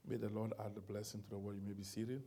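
Male preacher, mellow tone, church sermon, fervent prayer into emphatic teaching. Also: lowish voice, level tone, quick pace, slight background noise. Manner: repetitive fervent prayer addresses, then rising emphatic preaching.

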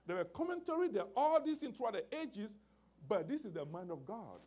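A man's voice: high voice, very animated, a little fast, a little mellow. A man preaching a sermon, speaking with emphasis, repeating words and phrases, and often calling out to the congregation for an amen.

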